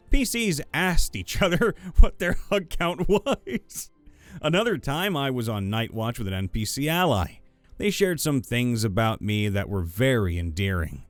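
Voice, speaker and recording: A man narrating viewer-submitted tabletop game stories with animated, playful asides. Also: mid-range voice, no echo. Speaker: story channel narrator. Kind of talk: reading viewer stories aloud.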